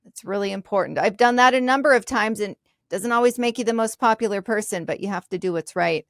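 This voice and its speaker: A woman's voice: medium pitch, fast talker, no echo, clean studio sound. A woman co-hosting a podcast, explaining workplace ideas in a candid, casual way with lighthearted asides. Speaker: podcast co-host.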